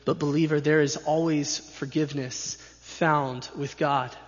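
A man's voice: fairly high pitch, steady tone, measured pace. A male pastor delivering a sermon with an emphatic, repetitive preaching cadence. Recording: dull sound with long hall reverb.

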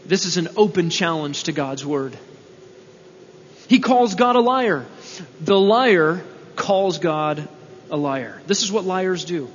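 A man's voice: sits high, animated, takes it slowly, long pauses, a little hiss or hum. A male preacher giving a sermon, emphatic, repeating key lines and asking rhetorical questions. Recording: dull sound with long hall reverb.

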